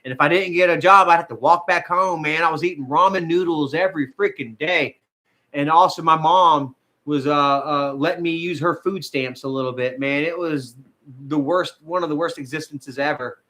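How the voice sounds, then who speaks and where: Bright-voiced, rambling, profane man. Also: on the high side, normal speed. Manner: rambling, profane, says man and bro a lot. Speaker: vlogger reading live chat. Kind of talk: casual chat.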